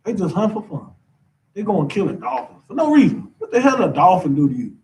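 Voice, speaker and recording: A man teaching a class in an animated lecture, ranting, constantly checking in with his listeners and tacking "man" onto his sentences. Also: high-pitched, fast talker, distant mic, poor audio. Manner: ranting, keeps asking the audience, says "man" a lot.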